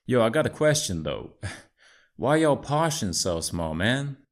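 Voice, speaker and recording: A man's voice: mid-range voice, a little slow. Chad, a man putting on an American bro. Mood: chummy. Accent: put-on American. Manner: slangy, excitable, calls everyone dude and bro. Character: laid-back young American bro named Chad.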